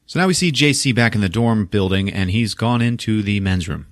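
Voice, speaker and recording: A low-voiced man casually walks through a film's plot on a podcast, swearing freely and acting out bits of dialogue. His pitch swings widely as he tells it. The sound is close and dry, with no room around it. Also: animated, fairly quick, few pauses, no echo. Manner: retells scenes with quoted lines, swearing and laughter. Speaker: podcast host. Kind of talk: casual film recap. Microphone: podcast microphone.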